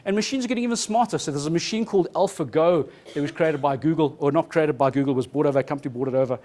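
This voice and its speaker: A man giving a fast, joking live keynote talk as a futurist, quizzing the audience from a conference stage. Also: a little high, mellow.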